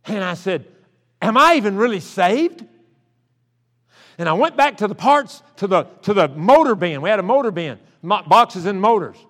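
An older man preaches, his voice pitched high for a man. He moves from folksy, joking stories to fervent appeals. Long reverb from the church hall trails his words. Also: lively intonation, fairly quick, hardly any pauses. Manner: folksy storytelling that builds to impassioned preaching. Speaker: pastor. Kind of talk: sermon. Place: church sanctuary.

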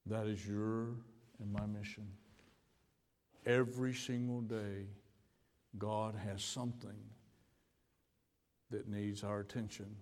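American preacher in a reverberant hall. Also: male voice, fairly low pitch, little pitch movement, slow, pauses often, darkish tone. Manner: storytelling, repeats words, stammers on restarts. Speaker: pastor. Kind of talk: sermon with personal story. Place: church sanctuary.

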